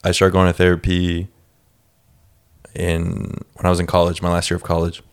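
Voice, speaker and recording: A man's voice: deep voice, completely flat delivery, moderate pace, smooth. A man in his twenties in casual podcast chat, laid-back, swearing casually and laughing often.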